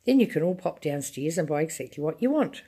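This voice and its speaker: A woman's voice: low voice, very animated, quick pace, warm tone, husky, exaggerated voice. A woman voicing an eager, clever young boy in a storybook reading.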